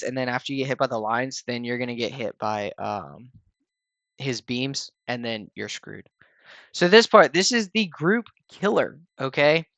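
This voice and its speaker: A gaming host explains a raid in a relaxed voice-over packed with "um"s, "like"s and fresh starts, sounding tired and yawning now and then. His pitch is ordinary and middle, and the recording is dry and close, with no room sound or echo.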